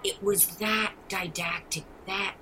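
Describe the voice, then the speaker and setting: A woman in her seventies with a New York accent, telling rambling, animated stories as an interview guest. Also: medium pitch, slow pace, slight background noise, rough recording. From New York City. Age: 70s. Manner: rambling, animated storyteller with frequent restarts. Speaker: guest artist. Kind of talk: casual interview.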